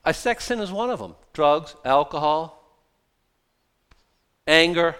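Animated, blunt male pastor preaching. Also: on the high side, takes it slowly, pauses often, smooth. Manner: emphatic, mimics excuses in put-on voices, blunt. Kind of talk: sermon.

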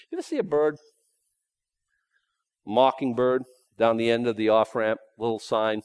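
Lively folksy male preacher. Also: medium pitch, normal speed, long pauses, smooth, no echo. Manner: folksy and emphatic, swinging from loud to hushed. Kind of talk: sermon.

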